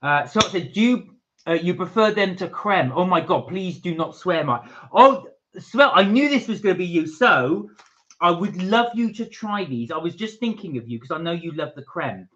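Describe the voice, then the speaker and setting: A man's voice: sits high, lively intonation, normal speed, sharp tone, highs cut off. A man co-hosting a casual live stream from England, chatting and reading viewer comments aloud.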